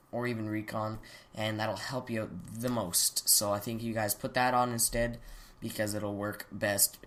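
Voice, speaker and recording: A man's voice: on the low side, fairly bright tone. A young man hosting his gaming channel, chatting loosely through a weapon review on a desktop mic, stopping to excuse his hiccups and coughs. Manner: chatty, rambling, self-interrupting. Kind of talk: casual game commentary. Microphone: desktop USB mic.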